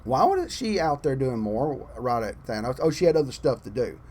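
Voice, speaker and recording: A man ranting about a film in casual online commentary, swearing often and swinging between loud outbursts and muttered asides. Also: mid-range voice, moderate pace. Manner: profane, exasperated ranting; animated, swings loud and soft. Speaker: channel host.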